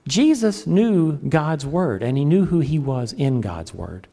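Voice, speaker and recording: Man, middle-aged, preaching, animated delivery, pitch swings widely, fairly high voice. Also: measured pace, gravelly. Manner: animated, jokes and acts out his own prayers. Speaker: pastor. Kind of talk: sermon.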